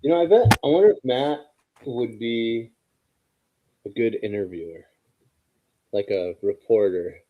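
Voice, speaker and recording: A man's voice: medium pitch, a little slow, long pauses, phone-quality sound. A man co-hosting a casual live stream, mostly giving short reactions. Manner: brief reactions and laughs.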